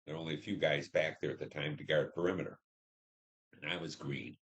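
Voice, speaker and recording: A man in his seventies from Detroit, a veteran telling war memories in an oral history interview, halting and reflective with many fillers. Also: rumbling low, steady tone, a bit bright. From Detroit, Michigan.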